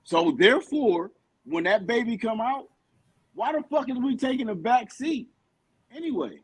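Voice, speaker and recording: A man's voice: very high-pitched, animated, moderate pace, breathy edge, poor audio. A man co-hosting a podcast, arguing his point bluntly and emphatically with a lot of swearing. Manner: blunt, emphatic, heavy profanity. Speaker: podcast co-host. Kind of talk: heated casual debate.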